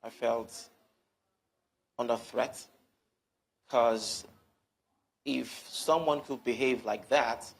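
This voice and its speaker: Gravelly, flat-voiced male journalist. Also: mid-range voice, very slow, pauses often. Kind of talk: live TV interview.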